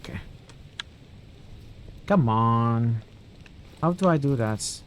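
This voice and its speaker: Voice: mid-range voice, expressive, slow pace, a little hiss or hum. A game streamer giving casual gameplay commentary, thinking aloud and chatting with viewers.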